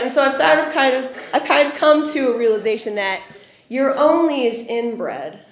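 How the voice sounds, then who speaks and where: A young woman telling a comic personal story, animated and laughing as she exclaims. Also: sits high, normal speed. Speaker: storyteller comedian. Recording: echoey room.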